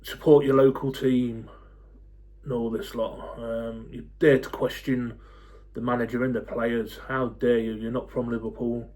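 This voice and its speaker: A man in his forties, talking to camera in a blunt, fed-up rant, swearing freely and pausing on lots of ums. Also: medium pitch, little pitch movement, a little mellow. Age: 40s. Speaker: football fan YouTuber.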